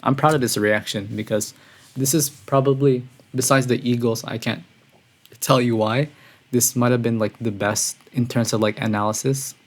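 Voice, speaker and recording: A man streaming a music reaction, talking casually and excitedly, breathless and calling his viewers "bro". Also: medium pitch, moderate pace. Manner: excitable, says "bro" often, gushing. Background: song playing quietly.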